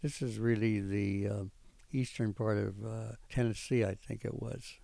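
An older man recalling his army days in an oral history interview, rambling and pausing often with fillers. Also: lowish voice, fairly even intonation, gravelly, mellow, no room sound. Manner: rambling storytelling with frequent pauses and fillers. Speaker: veteran interviewee.

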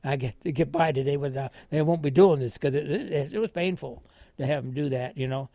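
An older man recounts his wartime recovery in a meandering, folksy way, often breaking into soft chuckles. His voice sits somewhat high for a man. The sound is close and dry, with no room around it. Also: brisk, dry recording. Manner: rambling, chuckling, folksy storyteller. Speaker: war veteran recounting his service. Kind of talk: oral history storytelling.

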